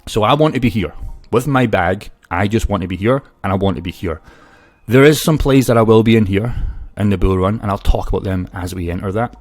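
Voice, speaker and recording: Soft music sits under this crypto YouTuber's fairly low, fairly quick voice. In his casual video he's swaggering and profane, telling lively stories and airing his opinions.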